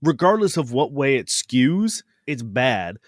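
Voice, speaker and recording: A man's voice: mid-range voice, big pitch swings, a little slow, dry recording, studio quality. A man co-hosting a podcast in casual chat, swearing freely and acting out quoted lines. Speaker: podcast co-host.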